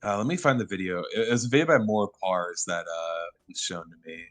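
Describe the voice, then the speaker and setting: Young male partner, laid-back, hesitant, lowish voice, faint music. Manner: relaxed, halting, lots of fillers. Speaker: streamer's partner off to the side. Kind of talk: casual chat. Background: soft music.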